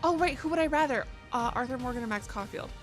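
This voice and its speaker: Over background game music, a young female livestreamer jokes around, swears and reads the on-screen text out loud. She speaks fast in a high voice, giving casual commentary on her play.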